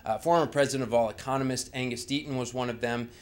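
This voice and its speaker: A man's voice: mid-range voice, fairly even intonation, fast. A man presenting a slide talk, speaking conversationally and asking the audience rhetorical questions.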